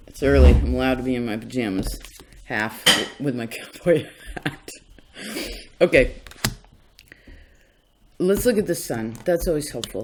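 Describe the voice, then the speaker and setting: A man's voice: mid-range voice, darkish tone, slight background noise. A man giving a casual tarot reading in a rambling, chatty way, often stopping himself mid-thought. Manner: rambling, chatty, self-interrupting. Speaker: tarot reader.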